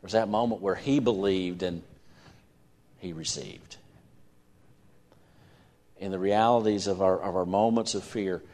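Earnest low-voiced male preacher. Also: a little slow, pauses often, darkish tone. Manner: earnest, repeats words when starting phrases. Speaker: pastor. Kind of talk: sermon.

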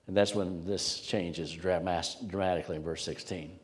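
A male pastor preaching to a congregation in an emphatic, storytelling manner, leaning on repeated words. His voice sits low, and a long reverb fills the church hall around him. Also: fairly even intonation, normal speed. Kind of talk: sermon.

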